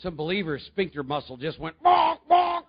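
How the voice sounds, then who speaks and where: A man's voice: high voice, animated, moderate pace, lo-fi sound. A man giving a conversational recovery talk to a meeting, often putting questions to his audience. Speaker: recovery speaker.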